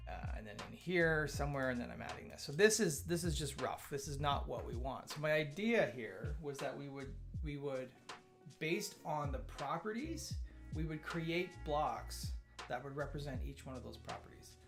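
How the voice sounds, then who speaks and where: A man's voice: fairly high pitch, animated, moderate pace, gravelly. A man hosting a live coding stream, chatting casually and thinking aloud, often stammering and repeating words. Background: faint chill background music.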